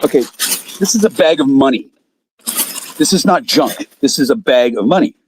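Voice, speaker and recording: A man's voice: mid-range voice, expressive, moderate pace, background noise. A man on a video call ranting angrily and combatively, swearing heavily as he fires back at questions. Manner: angry, combative, profane. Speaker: guest on a live call-in stream. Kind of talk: profane ranting.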